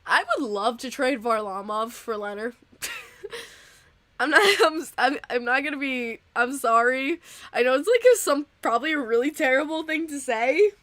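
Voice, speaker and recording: High-voiced chatty young woman host. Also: moderate pace, fairly bright tone, no echo. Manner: chatty, laughs often, gets emotional. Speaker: podcast host reading donations. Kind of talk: casual live-stream chat.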